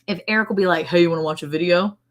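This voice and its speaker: A woman's voice: on the low side, very fast. A woman, casually co-hosting a ranch live stream, chatty and giggly as she greets viewers. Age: 40s. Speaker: ranch livestream co-host.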